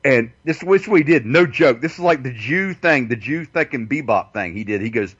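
Male guest, lively swooping voice, mocking, profane, muffled lo-fi sound. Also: medium pitch, fairly quick, slightly rough. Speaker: show guest. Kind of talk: casual talk show chat.

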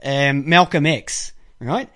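High-voiced Australian man hosting a show. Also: slow pace. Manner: crude, rambling anecdotes with loud outbursts. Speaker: podcast host. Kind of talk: casual call-in show chat.

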